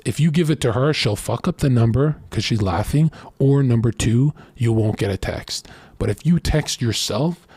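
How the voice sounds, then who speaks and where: A man's voice: medium pitch, darkish tone, husky, no echo. A man streaming casual commentary, brash, crude and boastful as he reacts to a thread and lectures his viewers. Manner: lectures with quick put-on voices in his stories.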